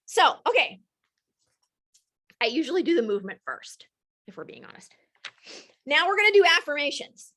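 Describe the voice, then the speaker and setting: High, bright, energetic woman coach. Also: moderate pace, pauses often. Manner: energetic, enthusiastic, motivational. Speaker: network marketing coach hosting a live session. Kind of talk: live-streamed coaching talk.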